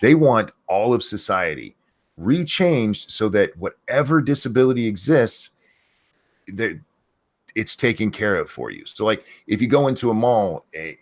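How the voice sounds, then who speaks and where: A man's voice: medium pitch, lively intonation, moderate pace. A man hosting a livestream, ranting bluntly and swearing a lot. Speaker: channel host. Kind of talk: profane ranting commentary on a stream.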